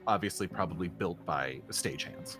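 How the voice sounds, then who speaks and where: A man running a tabletop horror game as game master, narrating with laughs and halting restarts. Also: low-pitched, music in the background.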